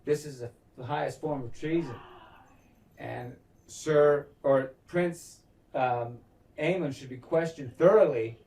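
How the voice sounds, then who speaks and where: A man co-hosting a podcast, casually recapping a TV episode, animated and swearing often as he acts out the characters' lines. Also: on the high side, takes it slowly, far from the mic. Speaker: podcast co-host.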